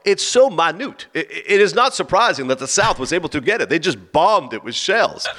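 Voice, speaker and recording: Fast, lively, bright-voiced man telling stories. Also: fairly high pitch. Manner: animated anecdote teller, acts out his own and others' quoted lines; quick stammering restarts. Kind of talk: casual storytelling chat.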